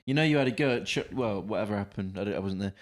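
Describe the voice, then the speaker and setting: A man's voice: fairly low pitch, racing. A man co-hosting a podcast, casually bantering and acting out both sides of arguments as he tells stories. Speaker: podcast co-host.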